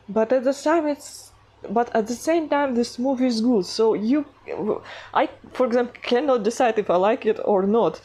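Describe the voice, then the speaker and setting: A woman's voice: a little high, mellow. A woman with a non-native accent narrating her art vlog in a hesitant, casual way, full of fillers and self-conscious giggles. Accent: non-native English accent. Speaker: animation artist vlogger.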